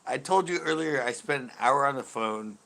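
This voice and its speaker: A man in his fifties hosting his channel, telling a story in casual chat, animated, laughing often and cursing freely. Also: mid-range voice, moderate pace, gravelly. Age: 50s. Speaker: host.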